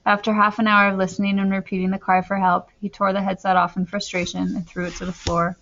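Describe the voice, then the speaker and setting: A woman's voice: medium pitch, flat delivery, fast talker, fairly bright tone, dull audio. A woman reading a novel aloud as an audiobook narrator, telling the story steadily and lifting her voice in tense moments.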